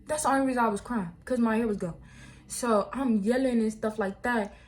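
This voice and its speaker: A young woman, telling viewers a storytime vlog in animated, slangy talk. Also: on the high side, fairly quick, a little hiss or hum. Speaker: vlogger.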